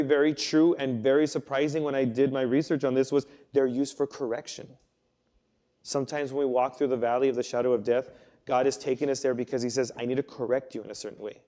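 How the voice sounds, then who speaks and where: Mellow-voiced youth pastor preaching. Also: male voice, medium pitch. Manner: conversational, storytelling with acted quotes. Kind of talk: sermon.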